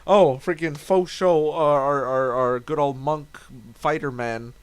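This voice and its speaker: A man's voice: on the high side, fairly even intonation, measured pace, clean tone, no echo. A young man casually recapping a tabletop game session, rambling, swearing and correcting himself. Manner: rambling, self-interrupting, swearing.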